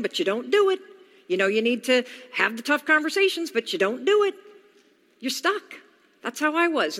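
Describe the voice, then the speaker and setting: A woman's voice: a little high, a bit bright. A woman in her forties giving a motivational talk, telling her own story and acting out her inner dialogue. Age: 40s. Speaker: motivational speaker. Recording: long hall reverb.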